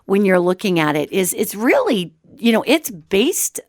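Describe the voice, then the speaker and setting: A middle-aged woman hosting a solo talk show on metaphysics, hoarse from a cold, chatty and animated as she addresses her listeners. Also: medium pitch, measured pace, no room sound, studio quality. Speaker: radio show host.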